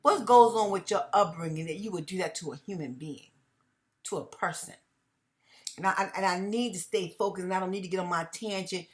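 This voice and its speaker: A woman's voice: lowish voice, brisk. Emphatic woman commentator. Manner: emphatic, repeats phrases, laughs between points. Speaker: host of a commentary channel. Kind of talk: personal commentary to viewers.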